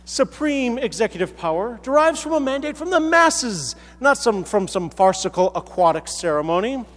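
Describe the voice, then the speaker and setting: A man's voice: very high voice, very animated, normal speed, fairly bright tone, pitched above the performer's own voice, exaggerated voice. A man voicing an indignant, argumentative peasant in a put-on British accent, lecturing as he speaks. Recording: echoey hall.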